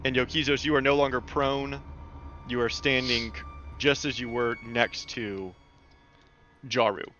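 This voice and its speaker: A man's voice: medium pitch, steady tone, unhurried, long pauses, pushed and bright. A man narrating as game master of a tabletop game, with loose, filler-filled description. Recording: dull lo-fi voice call with faint music.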